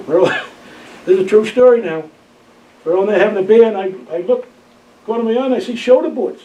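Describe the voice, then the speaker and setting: Older man, high voice and mellow tone, tells folksy stories, recorded distant in a roomy, dull room. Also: brisk. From Maine, USA. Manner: rambling, folksy, laughs often, many "you know"s. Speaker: interviewee, retired Coast Guard keeper. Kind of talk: storytelling oral history. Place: library room.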